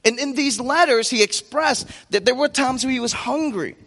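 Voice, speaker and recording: A man preaching a sermon with impassioned delivery, slowing down hard on key phrases. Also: very high-pitched, gravelly, a bit bright. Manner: impassioned preaching with emphatic slow-downs. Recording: long reverb of a large hall.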